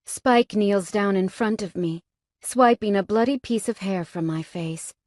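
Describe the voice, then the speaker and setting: A woman's voice: mid-range voice, a little slow, darkish tone, dry recording, clean studio sound. A woman narrating a romance novel in the first person, in a tense, dramatic manner. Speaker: audiobook narrator.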